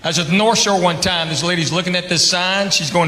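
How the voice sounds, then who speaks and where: A man's voice: high voice, fast talker, hardly any pauses, background noise. A man, doing a stand-up routine with dry, teasing crowd work. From East Tennessee, US. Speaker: stand-up comedian. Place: large comedy venue, on stage. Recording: roomy live hall with loud crowd laughter.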